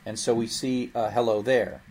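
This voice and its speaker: A man teaching programming in a recorded lecture, explaining in a lively way with playful asides. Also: mid-range voice, normal speed, slight background noise. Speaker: programming instructor.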